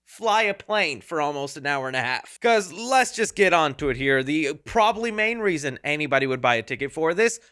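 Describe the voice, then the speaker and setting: A man's voice: fairly high pitch, lively intonation, bright, forceful tone, clear, resonant tone. A man giving a casual movie review in a sarcastic, jokey way. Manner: sarcastic, jokey, fond of quick impressions. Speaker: film reviewer.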